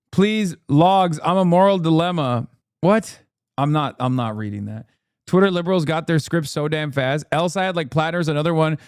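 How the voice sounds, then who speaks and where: Guy on a live stream, kinda high voice, swearing and going "wait, what?" at everything, dry close mic. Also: normal speed, clear, resonant tone, dry recording. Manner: profane, incredulous, ranting. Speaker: streamer reacting to news. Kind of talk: live-stream political commentary.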